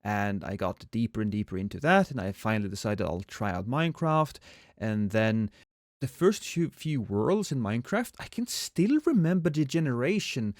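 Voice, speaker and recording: A man's voice: fairly low pitch, expressive, moderate pace, no room sound, studio quality. A man co-hosting a gaming podcast, chatting casually in a laid-back, rambling way and laughing often. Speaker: podcast co-host. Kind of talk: casual chat.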